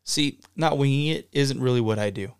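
A man's voice: medium pitch, normal speed, smooth. A man co-hosting a podcast, acting out comedic movie-parody skits with a showy, playful announcer delivery. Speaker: podcast co-host.

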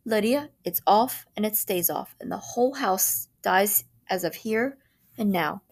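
A woman's voice: medium pitch, animated, unhurried. A woman reading the part of a stern, fed-up father who speaks in firm, clipped lines. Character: stern fed-up father, middle-aged man.

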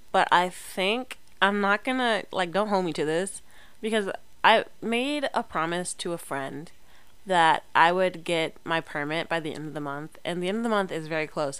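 Talking casually into her camera, a young adult vlogger rambles along with many fillers, restarts and self-corrections. Her voice is on the low side, clear and resonant with a fairly bright tone, in a dry recording.

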